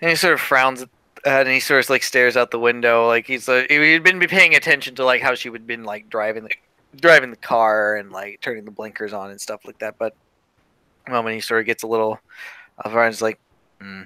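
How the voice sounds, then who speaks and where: A man's voice: mid-range voice, a little fast, bright, forceful tone, clean tone, no echo. A man narrating his character's actions in a tabletop game. He talks in a loose, rambling way, with many fillers.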